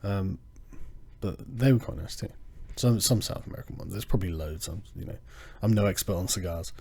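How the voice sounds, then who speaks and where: Male channel host, mellow low timbre, swears freely, sarcastic and heated in a loose livestream rant. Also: fairly quick, vocal fry, slightly rough. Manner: profane, sarcastic, animated.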